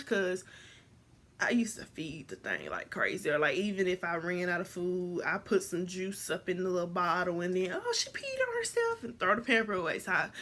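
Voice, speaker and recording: A teenage girl vlogger telling a casual storytime, rambling with many restarts and jumping into voices for quotes. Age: teens. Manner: animated, jumps into high voices to act out quotes.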